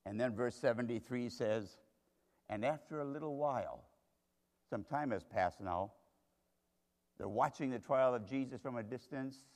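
A man's voice: mid-range voice, a little slow, pauses often, a little mellow. Dramatic preacher man in a reverberant hall. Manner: dramatic storytelling, speaking straight to a Bible character. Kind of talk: sermon.

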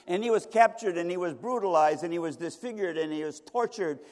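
A middle-aged male pastor preaching a sermon, telling a story dramatically with sharp swings between loud and soft. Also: sits high, fairly quick. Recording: reverberant hall.

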